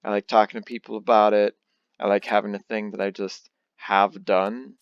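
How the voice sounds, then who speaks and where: Low, gravelly young man rambling. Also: little pitch movement, normal speed, dry recording. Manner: rambling, self-deprecating, thinks out loud. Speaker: let's play host. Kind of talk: casual gameplay commentary. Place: home. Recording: dull lo-fi home recording.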